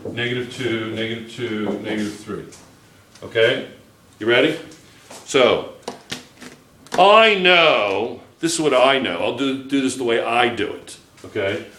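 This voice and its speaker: Heard from a distance in an echoey room, a man with a medium-pitched, fairly bright voice lectures a chemistry class at the whiteboard, with slight background noise. He thinks out loud, stops to correct himself, and repeatedly checks in with the class by saying "okay?"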